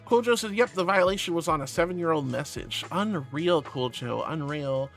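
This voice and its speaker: A male VTuber streamer chats casually with his viewers and reads their messages aloud. His voice sits fairly high, and he talks in a gentle, doting way, calling everyone sweetie and darling. Quiet music plays underneath. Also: normal speed, gravelly. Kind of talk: casual chat, reading chat aloud.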